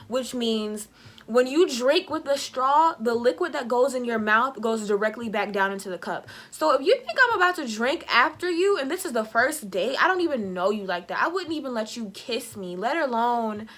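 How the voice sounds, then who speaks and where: Bright, high-voiced woman telling a story. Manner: animated, sassy retelling with quoted dialogue. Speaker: beauty vlogger. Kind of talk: casual storytime.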